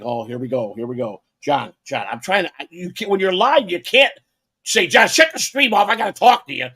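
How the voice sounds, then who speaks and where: A man in casual podcast chat, loud, profane and quick to blow up in anger. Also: high voice. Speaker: podcast guest.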